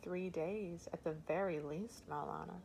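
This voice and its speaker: A woman reading the part of a calm, formal older male harbor master in an audiobook. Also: on the low side, creaky, a little hiss or hum, low-quality recording. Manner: measured and formal, addressing a lord.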